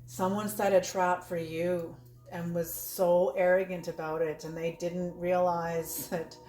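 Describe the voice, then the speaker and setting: A woman's voice: lowish voice, little pitch movement, a little slow, darkish tone, soft background music. Woman doing a tarot reading, blunt, cussing, laughing, roomy echo. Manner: blunt, swears freely, laughs often. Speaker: tarot reader. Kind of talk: casual spoken tarot reading.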